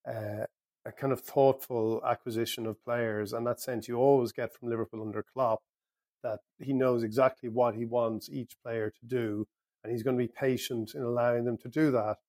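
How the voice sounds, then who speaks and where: A man's voice: mid-range voice, steady tone, normal speed, a little mellow, no room sound, studio quality. Thoughtful man analyzing football. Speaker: podcast pundit. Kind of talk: casual football discussion.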